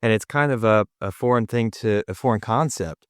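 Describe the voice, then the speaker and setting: Male podcast co-host, low voice, reflective conversational delivery, dry booth sound. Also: brisk, clear, resonant tone, no echo. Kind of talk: casual conversation.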